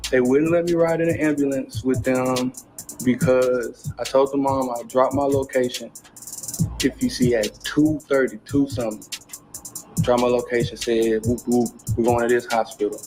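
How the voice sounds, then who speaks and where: A man's voice: medium pitch, low-quality recording. A man telling a distressing personal story in a casual, agitated way, in a clip played on the stream. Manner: agitated, retelling a distressing event.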